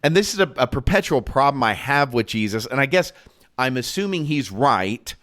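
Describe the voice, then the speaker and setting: Man, co-host, casual faith chat, ponders aloud, restarts often, mid-pitched voice. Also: big pitch swings, normal speed, a bit bright. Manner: thinks aloud, restarts, acts out quoted lines. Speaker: podcast co-host. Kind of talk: casual Bible discussion.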